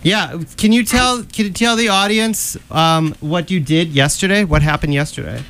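Woman, cheerful pretend radio host, low-ish voice, slight background hiss. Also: normal speed. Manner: cheerful, coaxing, speaks to kids. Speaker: home radio show host. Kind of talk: playful mock radio show with children.

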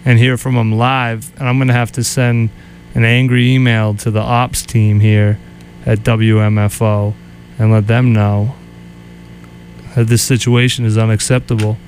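A man's voice: medium pitch, little pitch movement, a little slow, a little mellow, slight background noise. A man hosting a radio show in casual chat, wry and joking, grumbling about things he dislikes.

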